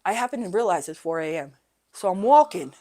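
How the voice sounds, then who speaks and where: A woman's voice: on the low side, very animated, fairly quick. Candid woman telling her recovery story. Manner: rambling and candid, with frequent "right?" and "you know"; often drops to a quiet voice when reliving hard moments. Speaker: podcast guest. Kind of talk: telling her life story in a casual interview.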